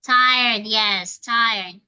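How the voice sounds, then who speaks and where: Woman teacher, bright high voice, dry close sound, unhurried coaxing delivery for a kid's lesson. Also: clean tone, dry recording, rough recording. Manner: patient, coaxing, repeats prompts. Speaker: English teacher. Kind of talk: one-on-one lesson with a child.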